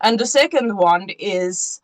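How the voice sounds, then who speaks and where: Slow-talking woman with a background. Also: medium pitch, animated, no room sound. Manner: chatty, storytelling. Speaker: guest. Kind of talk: casual interview chat.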